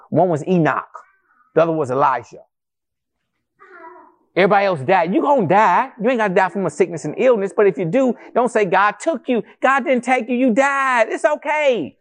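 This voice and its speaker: A male pastor preaching a sermon to a congregation in a church, animated and conversational, with rhetorical questions and calls to the congregation. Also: high voice, normal speed. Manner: addresses the congregation as family, calls for responses.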